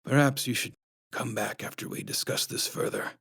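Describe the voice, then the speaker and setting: A man's voice: mid-range voice, fairly even intonation, moderate pace, creaky, a bit bright, husky, no echo, studio quality, full character voice. A man doing a curt, annoyed father.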